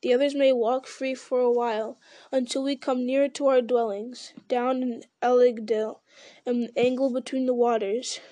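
A grave male elf sentry, as a woman reads him aloud, speaking in a stern, measured way. The voice sits fairly high and sounds close and dry, with no room around it. It has the even pace of a storybook reading. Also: no echo, close to an everyday voice.

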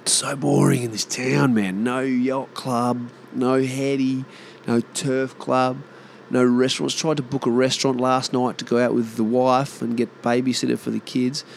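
A man's voice: mid-range voice, level tone, normal speed, vocal fry, a little hiss or hum. A man in his thirties with an Australian accent, rambling casually on his own and swearing freely. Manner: swears freely, mimics mates in exaggerated voices. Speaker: vlogger.

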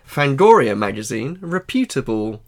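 A man's voice: mid-range voice, very animated, normal speed, darkish tone. Guy on a movie podcast, dry jokey delivery, reads off the box. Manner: dry, wry humor, reads quotes aloud. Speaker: podcast co-host. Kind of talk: casual film podcast chat.

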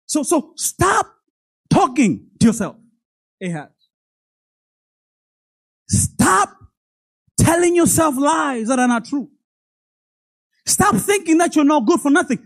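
Animated preacher mid-sermon, repeats words, calls out to the congregation. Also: high voice, takes it slowly, pauses often, dry recording. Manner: animated, stammers and repeats words, laughs between lines; speaks directly to the congregation, acting out God's voice.

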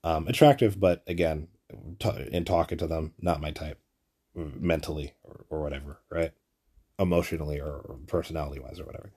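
Deep-voiced man telling a rambling story. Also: brisk, husky. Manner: rambling, profane, frequent fillers and restarts; acts out quoted people in animated bursts. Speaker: podcast host. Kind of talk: casual storytelling monologue.

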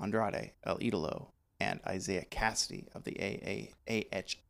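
A man co-hosting a podcast jokes and rambles through upcoming wrestling matches, predicting results in casual chat and often trailing off before restarting. His voice is lowish and gravelly, a bit bright, steady in tone, at a moderate pace.

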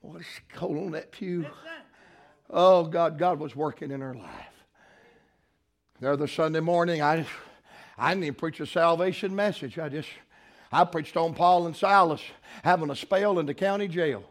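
Older Southern pastor, high-pitched voice, shifts from soft storytelling to shouting. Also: male voice, normal speed, long pauses. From South Carolina. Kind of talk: sermon.

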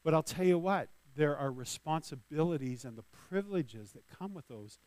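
A man's voice: on the high side, lively intonation, normal speed, a little mellow, dry recording. A man giving a sermon as a pastor, talking in a loose conversational way with restarts and light laughs, and reading scripture with rising force.

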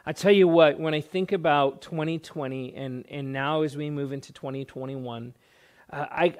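Earnest preaching man, slightly high voice. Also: darkish tone. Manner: earnest, with frequent word repeats and drawn-out emphatic phrases. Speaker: pastor. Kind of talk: sermon.

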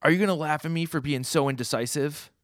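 A man's voice: a little high, fast talker, dry recording, clean studio sound, pitched above the performer's own voice, close to an everyday voice. A man voicing a hesitant, doubtful pig-like rioter. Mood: doubting. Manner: hesitant, pleading, unsure of himself. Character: doubtful, soft-hearted male pig-like rioter.

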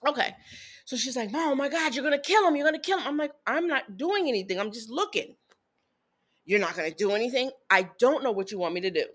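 A fast-talking woman with a slightly high voice, a podcast co-host in her thirties, tells a story during casual chat. With plenty of animation, she performs the words of her kids and her ex.

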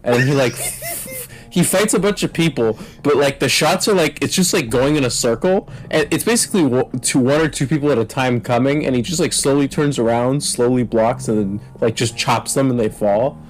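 A man's voice: medium pitch, sing-song, moderate pace, low-quality recording. A man talking casually on a podcast, voice sitting in an ordinary middle register. He rambles, leans on "like" constantly and chuckles as he goes. Faint music hums behind him. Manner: rambling, full of "like", laughs while retelling scenes. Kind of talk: casual chat.

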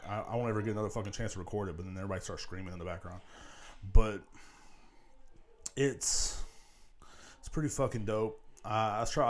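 Speaking into a podcast microphone, this male solo host rambles casually, curses nonstop, and peppers his talk with "you know what I'm saying." His voice sits on the low side, and there's a faint hiss or hum.

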